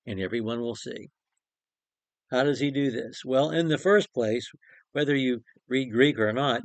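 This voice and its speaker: Male preacher, mid pitch, earnest and emphatic, dry close-miked sound. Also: dry recording. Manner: earnest, emphatic repetition, frequent restarts. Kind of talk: short devotional Bible talk.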